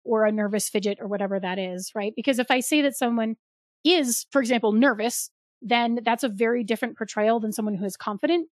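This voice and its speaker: A woman's voice: fairly high pitch, brisk, no echo, clean studio sound. A young woman co-hosting a podcast, chatting casually with lots of likes and rights and easy laughs. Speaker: podcast co-host. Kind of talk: casual chat.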